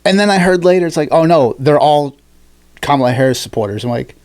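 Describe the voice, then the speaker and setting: A man co-hosting a casual podcast chat, swearing freely and acting out people he talks about in shrill mock voices. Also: fast talker. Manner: animated, swearing, acts out high-pitched shrieking quotes. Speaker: podcast co-host.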